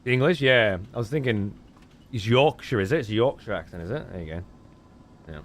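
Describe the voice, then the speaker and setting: A man's voice: lowish voice, animated, brisk, slight background noise. A man streaming a game, chatting casually and swearing freely while answering his chat. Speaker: let's play streamer. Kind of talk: casual gameplay commentary.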